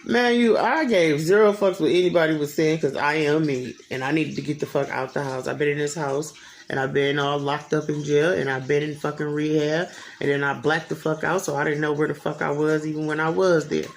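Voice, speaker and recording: A vlogger in their thirties tells a story directly to camera in a loose, casual way, swearing constantly and repeating phrases to hammer points home. The voice is medium-pitched and steady, with a rough, creaky fry and a brisk pace. There's slight background noise.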